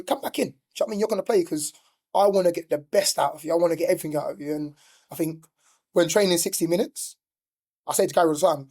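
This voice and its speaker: A man's voice: sits high, darkish tone. A middle-aged man, a youth football coach telling stories in a casual podcast chat, full of "like" and "do you know what I mean". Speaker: youth football coach and former professional player.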